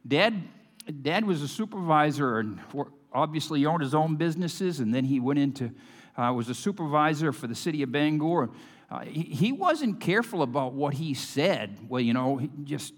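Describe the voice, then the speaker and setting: Man, pastor, high voice, emphatic sermon, long hall reverb. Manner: emphatic preaching, swinging from loud to hushed.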